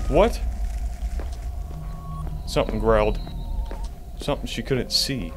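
A man's voice: mid-range voice, expressive, normal speed, pauses often, a little hiss or hum. A man giving jumpy, profane commentary to himself while playing a horror game. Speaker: gamer.

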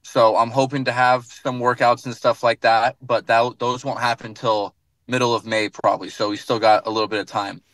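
A man's voice: medium pitch, flat delivery, normal speed, a bit bright, dry recording. A young man with an American accent, sitting in his car and answering questions as a guest on a radio show, friendly and laid-back. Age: young adult. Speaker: guest basketball player. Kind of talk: radio interview from afar.

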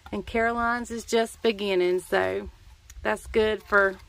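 A woman's voice: medium pitch, gravelly, a bit bright. A woman chatting casually in a home-remodel vlog, rambling and correcting herself as she goes. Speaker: vlogger, pastor's wife. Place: outdoors at home.

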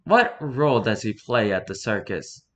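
A man voicing a calm male doctor who questions his subject in a quiet, measured way. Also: on the low side, pitched below the performer's own voice. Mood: probing. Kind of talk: reading an interview aloud in character.

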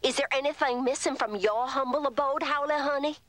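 A woman's voice: sits high, fairly quick, fairly bright tone. A woman voicing a prim, genteel female cartoon dog with a drawl. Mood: prissy. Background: music.

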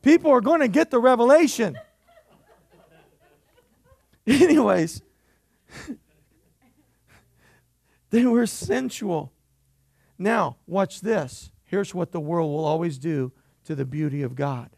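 A man's voice: high voice, slow pace, vocal fry, pauses often, a little mellow, dry recording, clean studio sound. A male pastor preaching a sermon in church, emphatic and jokey, calling for amens from the congregation.

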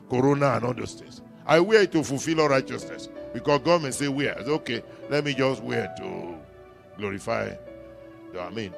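A man's voice: mid-range voice, creaky. A man with a Nigerian accent preaching a sermon in church, emphatic, repeating key lines and calling for the congregation to answer. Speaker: pastor.

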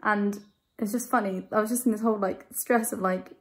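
A woman's voice: medium pitch, fast talker. A young woman, chatting casually in a home vlog, rambling and self-deprecating as she talks from her bedroom. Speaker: vlogger.

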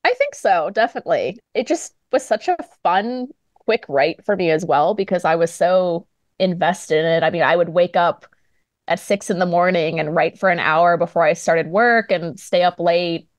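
Guest author, woman, lower voice, chatty and giggly, close dry mic. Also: normal speed, dry recording. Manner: chatty, laughs often, lots of "like". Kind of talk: casual podcast chat.

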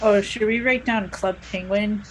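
A woman's voice: medium pitch, normal speed, slight background noise. A woman playing a game with a friend, chatting casually, laughing and groaning at close calls. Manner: animated and laughing, groans at near misses. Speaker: co-player. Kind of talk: casual gameplay chat.

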